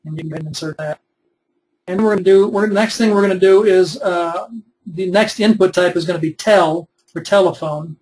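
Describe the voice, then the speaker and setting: A man's voice: high-pitched, a little fast, a little mellow, low-quality recording. A man in his twenties, teaching a recorded web development webinar in a conversational, step-by-step way with frequent fillers. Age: 20s.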